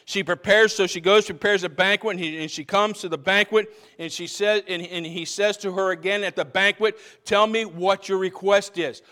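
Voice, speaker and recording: A man's voice: sits high, fairly even intonation, a little fast, few pauses, pushed and bright. A man preaching a sermon as pastor, talking conversationally, restarting phrases and asking the congregation questions. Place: church sanctuary. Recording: long hall reverb from a church sanctuary.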